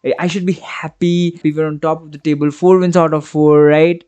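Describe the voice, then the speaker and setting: A man's voice: fairly high pitch, flat delivery, normal speed, warm tone, clean tone, no room sound, muffled recording. A man hosting a football reaction vlog, ranting with passion and exasperation, and often checking in with the listener. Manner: passionate, exasperated ranting with frequent tag questions. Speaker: football fan channel host.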